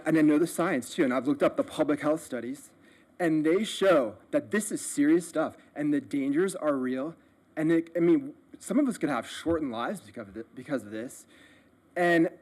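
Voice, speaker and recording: Indignant man with a raised pitch. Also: darkish tone. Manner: indignant, emphatic, many restarts. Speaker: public commenter. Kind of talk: public comment at a council meeting. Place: city council chamber.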